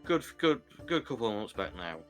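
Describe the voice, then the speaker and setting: Brief: deep-voiced male player, laid-back and dry. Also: very animated, brisk, soft background music. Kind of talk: casual stream chat.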